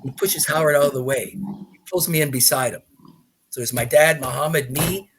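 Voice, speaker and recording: A middle-aged man, a podcast guest, telling an animated story full of restarts and asides. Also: a little high, fairly quick. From Canada. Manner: lively, with many restarts and asides.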